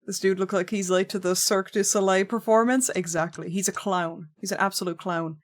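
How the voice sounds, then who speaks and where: American lady streamer chatting w her viewers, answers chat comments, normal pitch. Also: fairly even intonation, fairly quick. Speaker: game streamer. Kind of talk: casual chat with viewers while playing.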